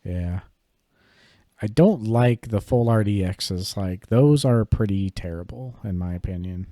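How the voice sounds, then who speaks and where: A man's voice: lowish voice, a little slow, no echo, studio quality. A man co-hosting a podcast, chatting casually and rambling a bit with lots of fillers. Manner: relaxed, rambling, many fillers and hedges. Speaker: podcast co-host. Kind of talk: casual chat about collectible cards.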